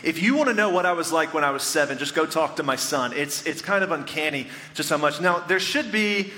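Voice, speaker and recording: A pastor in his thirties with a fairly high, bright and forceful voice, telling stories and joking with the congregation in a chatty sermon. His voice rings out with a long reverb, as if filling a large church hall. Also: lively intonation, a little fast. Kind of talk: conversational storytelling sermon. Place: church sanctuary before a congregation.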